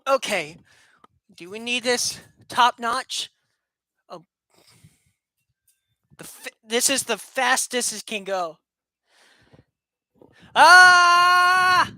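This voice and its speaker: Woman vlogger, goofy rambling home chat to webcam, bright, dry sound. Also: fairly high pitch, slow pace, pauses often, no room sound. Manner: playful, rambling, laughs often, jokes sarcastically. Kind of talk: casual chat to camera. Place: room at home with a fast fan running.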